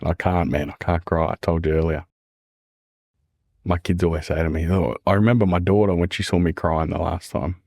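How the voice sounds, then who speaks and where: A man's voice: deep voice, steady tone, a little fast, vocal fry, a little mellow, no echo, clean studio sound. An Australian man talking earnestly and candidly as a podcast guest, repeating phrases and calling the listener "man" and "mate". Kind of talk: candid casual conversation.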